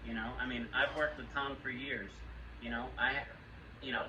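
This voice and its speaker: A man's voice: medium pitch, steady tone, normal speed, highs cut off. A man mediating a workplace meeting, placating and filling his talk with "like" and "you know.". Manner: filler-heavy, placating. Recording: echoey room, distant mic, background noise.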